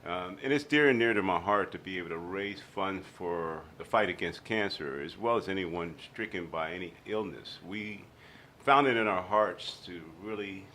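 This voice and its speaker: A man's voice: deep voice, moderate pace, slight background noise. A man being interviewed on a radio show, telling personal stories and acting out the people in them. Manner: animated storyteller, acts out quotes. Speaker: guest.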